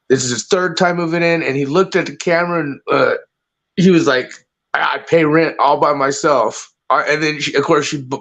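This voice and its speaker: A man calling in to a livestream, confrontational and mocking, swearing freely. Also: on the high side. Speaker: call-in guest. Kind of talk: casual livestream chat.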